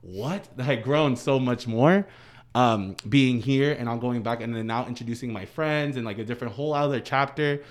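A man's voice: medium pitch, moderate pace. A man in his twenties in casual podcast chat, upbeat and rambling, often restarting his sentences. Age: 20s.

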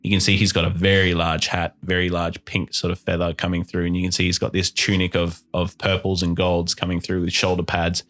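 A man's voice: deep voice, completely flat delivery, a little fast, few pauses, a bit bright. A man narrating as game master in a tabletop game, describing scenes at length with fillers.

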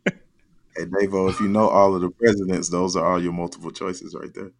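Male panelist, very deep voice, playful needling. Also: level tone, normal speed, vocal fry, a little hiss or hum. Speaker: podcast panelist. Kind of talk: casual chat.

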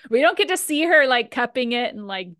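A woman's voice: high voice, a little fast, no room sound, clean studio sound. A woman co-hosting a podcast, chatting casually and animatedly as she recaps a reality show. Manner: chatty, animated, laughs often. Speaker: podcast co-host.

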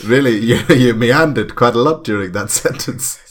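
A man's voice: medium pitch, moderate pace. A man playing a tabletop game, talking in a wry, mock-formal way. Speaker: player. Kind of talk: in-character tabletop banter.

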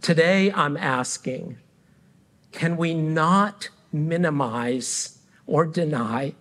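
A middle-aged man preaching a sermon as pastor, speaking earnestly and deliberately with frequent pauses between phrases. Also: on the high side, a bit bright. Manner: earnest and reflective.

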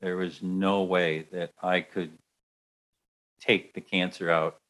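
A man doing a quiet, apologetic surgeon. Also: low voice, fairly even intonation, moderate pace. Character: apologetic male surgeon delivering bad news.

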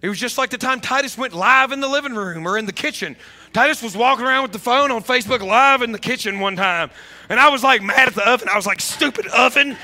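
A man preaching a sermon as a pastor, animated, often repeating himself and rising toward shouts. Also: very high-pitched, fast.

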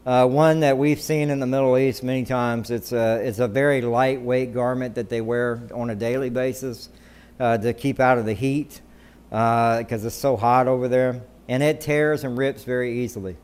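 A man's voice: mid-range voice, steady tone, moderate pace, a little mellow, smooth. A middle-aged man preaching a sermon in a conversational way, often checking in with "right?" and restarting his sentences. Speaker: pastor.

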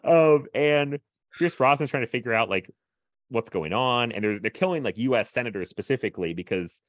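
A man's voice: medium pitch, lively intonation, a little fast, no echo, muffled recording. A man co-hosting a podcast in casual chat, rambling with lots of fillers and frequent laughs. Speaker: podcast co-host.

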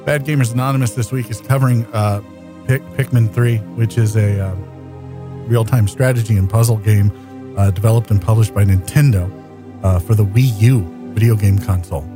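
Podcast co-host guy, lots of stammering and restarts, fake-sad tone, music playing clearly under him. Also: lowish voice, steady tone, normal speed. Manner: stammering, mock self-pitying. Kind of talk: casual podcast chat.

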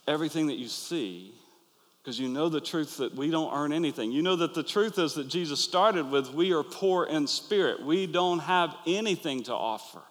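A pastor preaching an earnest, animated sermon to his listeners, acting out the quoted lines. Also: fairly high pitch. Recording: long hall reverb.

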